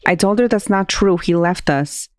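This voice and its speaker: A woman's voice: on the low side, moderate pace, a little mellow, no echo, studio quality. A woman co-hosting a podcast, casually retelling a creepy radio call and translating its quotes. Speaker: podcast co-host. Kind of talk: casual storytelling chat.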